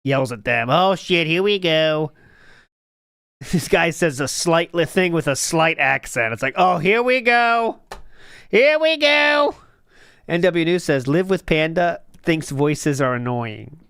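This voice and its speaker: A man with a slightly high voice hosts a casual stream and reads out viewer messages. He needles his co-host with dry sarcasm. His voice sounds close and dry, with no room echo. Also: unhurried, fairly bright tone, clean tone. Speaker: host reading chat. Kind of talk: casual chat.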